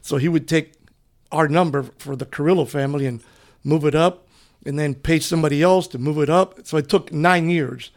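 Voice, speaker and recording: A middle-aged man from Cuba, a retired police officer, telling his story in an interview in a relaxed, rambling way. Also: a little high, brisk. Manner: relaxed, rambling, often says "you know". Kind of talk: conversational storytelling.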